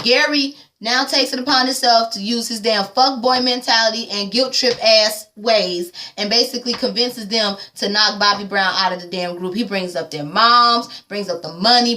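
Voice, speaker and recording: A woman's voice: a little high, bright, forceful tone. A woman vlogger giving a casual, profane movie recap and acting out the characters' lines.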